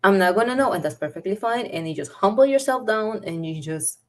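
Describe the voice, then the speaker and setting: A woman's voice: mid-range voice, expressive, a little fast. A woman guest on a podcast, talking casually and candidly, giving upbeat advice and laughing easily. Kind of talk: casual conversation.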